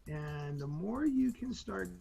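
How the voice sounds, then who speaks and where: A man as a podcast guest, telling motivational stories in an energetic, emphatic way and often checking in with "right?". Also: high voice, slow, vocal fry, rough recording. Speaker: guest, entrepreneur. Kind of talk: animated motivational storytelling.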